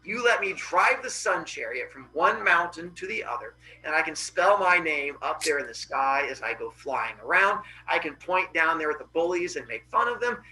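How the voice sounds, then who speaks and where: A man voicing a brash teenage demigod boy who shouts his demands in a loud, excited, bratty way. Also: fairly high pitch, moderate pace, hardly any pauses, slight background noise, rough recording. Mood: eager.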